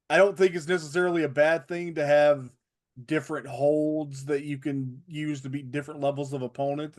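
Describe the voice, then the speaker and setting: A man's voice: medium pitch, darkish tone. A man co-hosting a podcast in casual chat, rambling and joking with frequent restarts. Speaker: podcast co-host.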